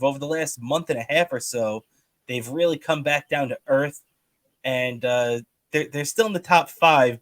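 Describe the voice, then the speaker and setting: A man's voice: medium pitch, fairly bright tone, no room sound. Casual guy on a sports podcast, rambles w lots of ums, dead dry room. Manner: rambling, many restarts and fillers. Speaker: podcast co-host.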